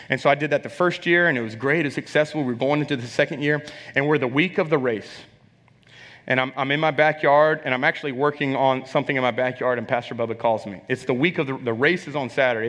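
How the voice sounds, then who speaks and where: A preacher shares a testimony, telling a personal story in an emphatic, conversational sermon, often repeating phrases and asking the congregation questions. His medium-pitched voice is a bit bright, with long hall reverb on the recording.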